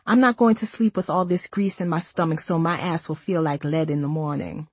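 A woman's voice: deep voice, fairly even intonation, brisk, a little mellow, breathy edge, no room sound. A woman voicing her narrator's blunt, bossy young female friend in an audiobook.

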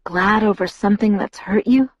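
A woman reading the lines of a gentle, restrained young man in an audiobook, speaking in a soft, measured murmur. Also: mid-range voice, no echo, lo-fi sound, voice pushed up, close to an everyday voice. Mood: quiet.

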